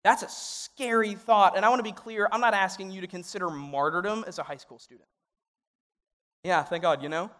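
A young man gives a youth sermon in a high-pitched, earnest voice. His talk is casual and heartfelt, and it turns pleading at times. The recording rings with the long reverb of a large hall. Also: brisk, a bit bright. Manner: earnest and conversational, grows emotional and pleading. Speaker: youth pastor.

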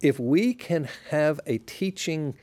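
A man, a pastor, talking as a podcast guest in a relaxed, reflective way, sharing stories unhurriedly and often restarting his sentences. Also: on the high side, takes it slowly, no room sound. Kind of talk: relaxed conversational storytelling.

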